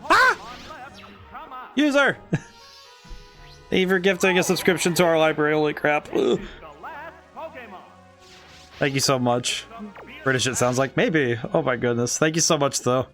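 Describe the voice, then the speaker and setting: A man streaming a game, chatting casually and excitably, rambling with frequent restarts. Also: a little high, a little slow, pauses often, faint music behind. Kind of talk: casual gameplay commentary.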